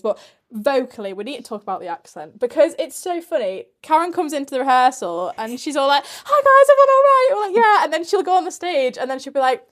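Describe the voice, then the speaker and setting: A woman hosting a casual chat, talking in an animated, chatty way full of "like". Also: sits high. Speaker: podcast host.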